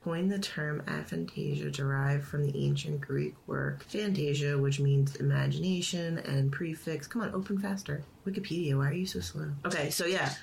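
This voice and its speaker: A woman in her thirties co-hosts a relaxed podcast chat. Her voice sits low for a woman, and she is chatty and laughs often. A faint noise runs under the recording. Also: vocal fry. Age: 30s. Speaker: podcast co-host. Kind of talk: casual chat.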